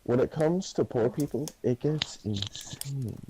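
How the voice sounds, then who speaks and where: A man's voice: medium pitch, unhurried, noisy background. A man in casual talk-show chat, joking and playfully interrupting.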